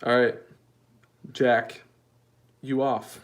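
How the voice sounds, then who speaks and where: A man hosting a casual livestream, answering chat questions with deadpan, mock-earnest rambling. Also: medium pitch, extremely slow. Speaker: livestream host.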